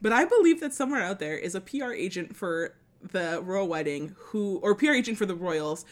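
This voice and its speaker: Animated young woman chatting and laughing. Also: medium pitch, a little fast. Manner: animated, laughs often, swears. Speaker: podcast co-host. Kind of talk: casual chat.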